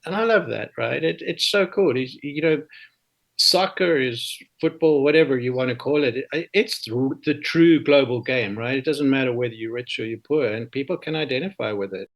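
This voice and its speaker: A South African man in his fifties, an interview guest telling a story in a casual, animated way and often tagging his lines with "right?". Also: mid-range voice, normal speed, rough recording.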